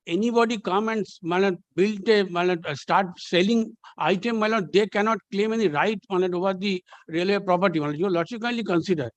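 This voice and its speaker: A man's voice: high voice, moderate pace, few pauses, no room sound, muffled recording. A man with an Indian English accent arguing as a lawyer in a courtroom, pleading insistently with many restarts. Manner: insistent, pleading, filler-heavy with repeated restarts. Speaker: lawyer arguing before a judge. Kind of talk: courtroom argument.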